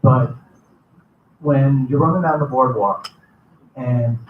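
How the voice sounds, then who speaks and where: A man's voice: medium pitch, slow pace, a little hiss or hum. A man giving a short, earnest speech as president of a running club. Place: convention hall. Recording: echoey hall, from far off, dull.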